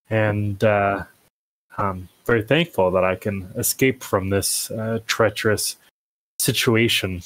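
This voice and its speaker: Male player, lowish voice, casual and thinking out loud at the table. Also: fairly even intonation, slow pace, no echo, rough recording. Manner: thinks aloud, asks questions.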